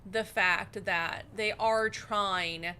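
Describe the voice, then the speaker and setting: A bubbly woman chatting casually on a livestream, rambling and giggling between thoughts. Her voice is bright and forward, with faint background noise in the recording. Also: medium pitch, fairly even intonation, drawn-out words. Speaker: co-host reading chat comments.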